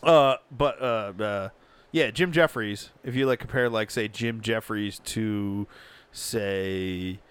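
A man's voice: fairly low pitch, slow pace, fairly bright tone, smooth. A man co-hosting a podcast, rambling and swearing casually, often laughing mid-sentence. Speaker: podcast co-host. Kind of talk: casual chat.

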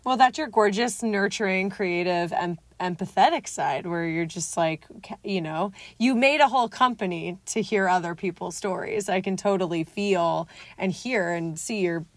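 A woman's voice: fairly low pitch, moderate pace, hardly any pauses, dry recording. A woman hosting a casual interview over a video call, gushing and supportive of her guest. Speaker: host.

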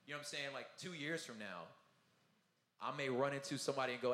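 A fast-talking man with a mid-range voice, a touring Christian music artist, rambles through a casual conference talkback, acting out the people he quotes and repeating "you know what I'm saying." The event hall recording sounds roomy, with slight background noise.

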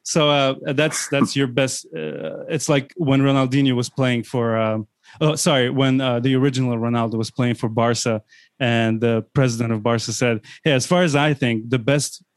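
An energetic man hosts a football podcast in a casual chat, often restarting his sentences. His pitch sits in the middle range. The sound is close and dry. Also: moderate pace, clean tone, no room sound. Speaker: podcast host.

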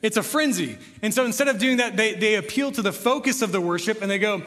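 A young American preacher with a high, fairly bright voice and lively intonation speaks fast, barely pausing. His sermon moves from casual chatter to passionate emphasis, recorded in a space with long hall reverb.

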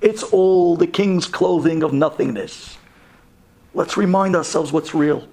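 Rabbi, sermon storyteller, gravelly, husky, high-ish voice, animated delivery. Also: male voice, unhurried. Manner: animated, building to exclamations, then hushed and earnest.

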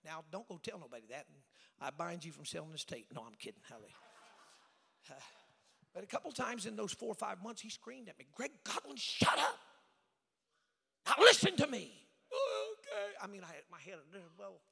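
Male revival evangelist, high husky voice, fiery to whispered, folksy; church hall reverb. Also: quick pace. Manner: fiery, swinging from loud shouts to hushed near-whispers; folksy, joking asides. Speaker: evangelist preacher. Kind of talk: revival sermon. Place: church sanctuary. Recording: long hall reverb with faint music.

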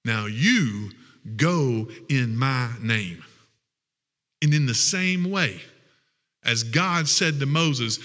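A man's voice: high-pitched, animated, measured pace, bright, forceful tone, big-room sound. A man preaching a sermon in a folksy, emotional, conversational way.

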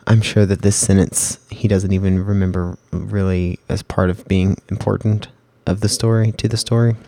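A man giving a casual spoken writing lesson, rambling and correcting himself with lots of fillers, and reading passages aloud slowly. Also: sits low, little pitch movement, gravelly, dark tone, no room sound. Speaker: amateur fiction writer.

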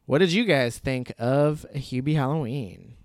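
A man's voice: mid-range voice, unhurried, dry recording, clean studio sound. A man hosting a casual movie review chat, loose and profane, laughing often. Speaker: podcast host.

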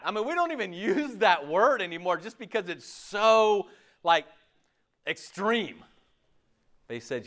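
Animated conversational male pastor. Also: a little high, moderate pace. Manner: conversational, animated, acts out imagined listeners' reactions; frequent "okay?" and "like" fillers. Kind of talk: sermon.

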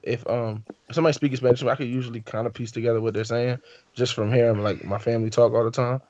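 A laid-back man co-hosting a podcast, rambling loosely through his points. His voice sits at an ordinary middle pitch and sounds dry and a little dull. The feel is an easygoing chat among friends. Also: steady tone, racing, a little mellow, dry recording. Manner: laid-back, rambling, says "you know what I'm saying" often. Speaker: podcast co-host. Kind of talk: casual podcast banter.

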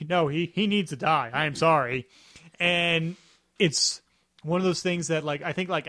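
A man's voice: a little high, fairly bright tone, no echo, clean studio sound. A man co-hosting a podcast, chatting casually about a show, rambling and often restarting his sentences. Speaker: podcast co-host. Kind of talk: casual chat.

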